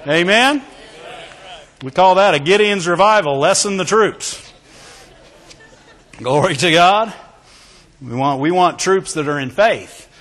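A man with a high, lifted voice preaches to his congregation, leaning hard into each point and punctuating it with shouted praise and questions for the room. His words ring out into a large church sanctuary and hang in a long reverb. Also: lively intonation, takes it slowly, long pauses. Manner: emphatic, with call-and-response exclamations. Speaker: pastor. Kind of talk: sermon.

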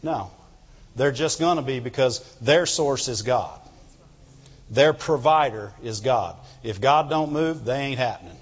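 A man's voice: mid-range voice, animated, measured pace, husky. A man preaching a sermon as pastor, fervently calling out "Amen?" to the congregation. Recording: reverberant hall, dull lo-fi sound.

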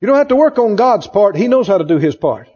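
A man's voice: high-pitched, sing-song, fast talker, dark tone, slightly rough. A man preaching a sermon emphatically, repeating phrases and asking the congregation questions. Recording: dull lo-fi recording in a reverberant hall.

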